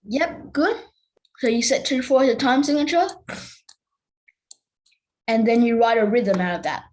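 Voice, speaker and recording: A woman's voice: a little high, lively intonation, a little slow, a little mellow, low-quality recording. A young woman teaching a music theory lesson in a casual, hesitant way, with many fillers and restarts.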